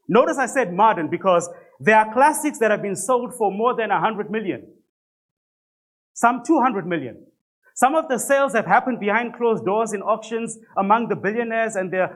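High-voiced man preaching a sermon. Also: fairly bright tone. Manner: emphatic preaching with rhetorical questions; conversational, self-deprecating asides. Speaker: pastor. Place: church congregation.

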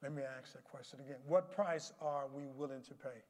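A man preaching a sermon as pastor, moving from quiet storytelling to shouted calls. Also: mid-range voice, brisk. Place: church sanctuary. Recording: long hall reverb.

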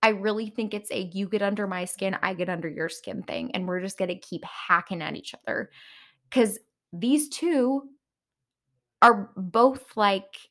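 A woman's voice: mid-range voice, measured pace. A woman hosting a podcast, giving blunt, opinionated commentary on reality TV and often laughing at herself. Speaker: podcast host.

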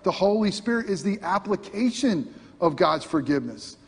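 A man preaching a sermon to his congregation, asking rhetorical questions and swinging between loud emphasis and quiet intensity. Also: high-pitched, very animated, moderate pace, breathy edge. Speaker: pastor. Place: church sanctuary. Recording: long hall reverb.

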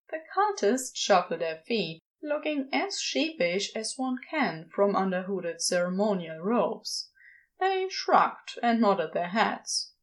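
A woman reading a comic story aloud as a narrator, with a wry, expressive delivery. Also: mid-range voice, slow. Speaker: podfic reader.

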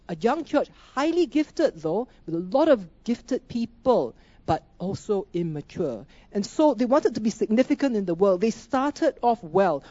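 A woman's voice: medium pitch, mellow, no room sound, dull audio. A woman preaching a sermon, emphatic, asking rhetorical questions and repeating key phrases.

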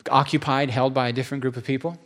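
A man's voice: mid-range voice, flat delivery, quick pace, a bit bright. A man preaching a sermon in a church, speaking conversationally and acting out quotes with rising emphasis.

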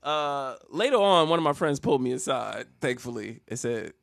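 A man from Jersey City telling a funny childhood story on a podcast, animated and laughing often. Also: mid-range voice, moderate pace, creaky, no room sound, clean studio sound. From Jersey City, New Jersey. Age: adult with child. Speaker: podcast co-host. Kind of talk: casual comedic storytelling. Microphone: studio mic.

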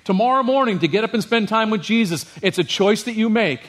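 Lively male pastor preaching. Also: high-pitched, moderate pace, few pauses. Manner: lively, humorous, keeps checking in with the congregation. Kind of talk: sermon.

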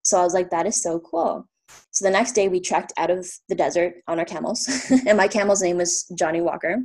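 A woman from Canada in her thirties with a somewhat low speaking voice. She tells her stories in a relaxed, rambling way, padded with fillers and quick laughs. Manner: chatty, lots of fillers, laughs often. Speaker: guest. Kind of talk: casual storytelling.

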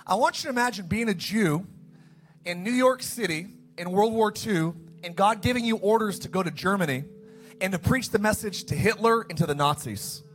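A man preaching a sermon as pastor, animated, acting out the story's dialogue in quick asides. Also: high voice, soft background music.

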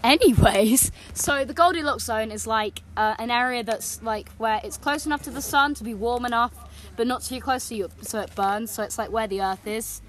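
A woman's voice: a little high, moderate pace, fairly bright tone. A young woman from Ireland hosting a podcast outdoors, explaining things in a rambling way with many fillers. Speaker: podcast host. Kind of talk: casual chat. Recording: outdoor recording with clear background noise.

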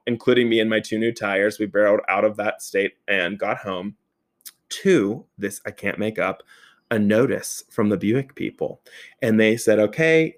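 A man telling a personal story in a casual, animated way, swearing often and laughing as he goes. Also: lowish voice.

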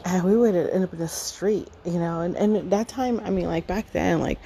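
A woman's voice: lowish voice, moderate pace, creaky, dark tone, a little hiss or hum, poor audio. A woman in her thirties casually telling a fond family story, rambling with many fillers and frequent laughs. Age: 30s. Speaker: podcast storyteller.

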